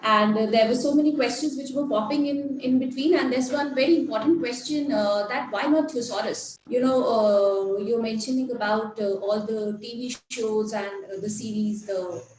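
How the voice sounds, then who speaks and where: A woman's voice: fairly high pitch, normal speed, hardly any pauses, a crowd in the background. A woman hosting an online workshop, speaking hesitantly with many fillers. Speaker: workshop host. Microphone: video call. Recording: roomy audio with faint noise.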